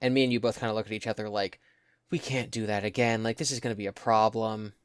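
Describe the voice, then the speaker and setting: A man's voice: fairly low pitch, steady tone, quick pace, clean tone, dry recording, studio quality. A young man co-hosting a casual podcast, telling stories in an easygoing way and stretching words out to make a point. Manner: easygoing, drawls words out when making a point. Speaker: podcast co-host. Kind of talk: casual storytelling chat.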